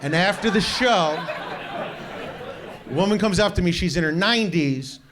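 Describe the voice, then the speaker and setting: A man with a high voice performs brash, animated stand-up on a club stage. He speaks into a handheld mic. The live recording carries clear background noise. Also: normal speed. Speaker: stand-up comedian. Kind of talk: stand-up comedy routine.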